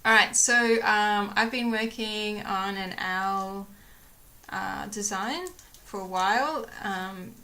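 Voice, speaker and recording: A woman's voice: medium pitch, takes it slowly, pushed and bright. A young woman chatting casually to her camera at home, rambling with many fillers and acting out what others said. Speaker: vlogger.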